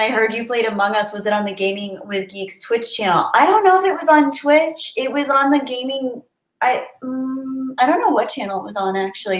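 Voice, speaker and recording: A woman hosting a casual livestream, chatting warmly and reading viewer messages aloud. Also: mid-range voice. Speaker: livestream host. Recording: roomy echo.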